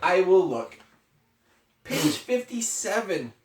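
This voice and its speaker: A woman voicing a cheerful, clever female pig while reading a children's picture book aloud, in a bright, eager, playful way. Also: medium pitch, very animated, takes it slowly, pitched above the performer's own voice. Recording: echoey room, distant mic, faint noise.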